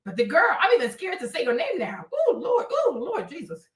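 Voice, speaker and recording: A woman hosts a casual gossip stream, her voice high and sweeping all over the place. She talks loudly and dramatically, breaking into shrieks, laughter and Spanish phrases. She sits off from the mic in an echoey room. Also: huge pitch swings, a little fast, distant mic. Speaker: livestream host.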